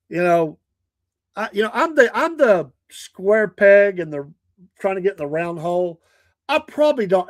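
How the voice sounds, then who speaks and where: An older man chats in a folksy, rambling way. He chuckles often and repeats his words as he goes. His voice sits a bit high for a man, and the sound is dry and close. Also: dry recording. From Georgia, US. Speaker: show guest and streamer. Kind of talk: casual chat.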